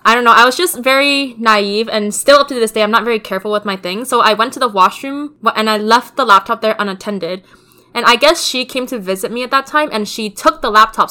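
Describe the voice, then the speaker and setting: A young woman with a bright, slightly high voice co-hosts a casual podcast. She tells stories animatedly, acting out each quoted line. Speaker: podcast co-host. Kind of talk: casual chat.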